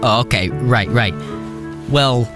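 A man's voice: mid-range voice, slow pace, over music, natural voice. An actor playing a cocky, wisecracking teenage boy in a radio drama, talking in a sarcastic way. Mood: teasing.

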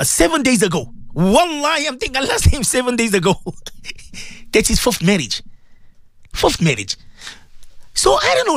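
Impassioned high-voiced cleric. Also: male voice, a bit bright, no room sound. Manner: impassioned, repetitive, pleading, preacherly. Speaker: Islamic radio presenter and cleric. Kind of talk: emotional radio advice talk.

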